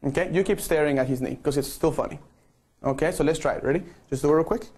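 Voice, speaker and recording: Man, slightly high voice, photographer coaching a group, playful and coaxing. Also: quick pace, darkish tone, slightly rough. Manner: playful, coaxing, repeats okay. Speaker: photographer directing a group shoot. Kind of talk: live-streamed instruction.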